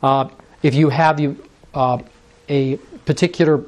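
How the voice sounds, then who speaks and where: A man's voice: fairly high pitch, steady tone, a little slow, a little mellow. A man presenting an interactive workshop, often checking in with the audience. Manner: coaxing, prompts the audience often.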